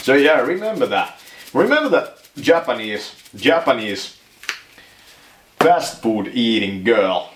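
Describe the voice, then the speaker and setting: A man's voice: medium pitch, big pitch swings, slow pace, pauses often, fairly bright tone, echoey room, a little hiss or hum. A man from Finland, rambling jokingly through a casual monologue in his home kitchen. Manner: joking, rambling, laughs often. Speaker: vlogger.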